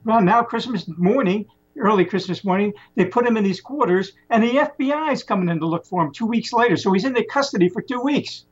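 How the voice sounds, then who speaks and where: Guy with a high voice telling a long story, chatty, kinda muffled lo-fi sound. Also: brisk, hardly any pauses, husky. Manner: rambling, animated retelling with restarts. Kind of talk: casual storytelling. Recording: muffled lo-fi recording.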